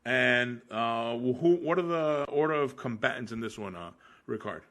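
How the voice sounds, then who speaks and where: A man's voice: medium pitch, expressive, normal speed, fairly bright tone. A man hosting a casual podcast chat, laid-back and rambling, with lots of fillers and restarts. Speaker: podcast host.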